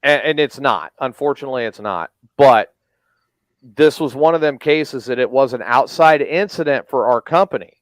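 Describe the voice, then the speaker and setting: A man's voice: medium pitch, normal speed, no echo. A man telling a blunt, profane story in a casual chat, acting out the quoted lines of each person in it.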